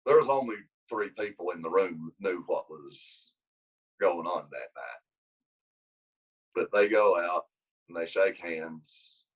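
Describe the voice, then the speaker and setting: In a low-quality interview recording, a wrestling coach with a deep, husky voice spins a long, rambling story, frequently starting sentences over. He takes it slowly with long pauses, though he livens up when performing quotes.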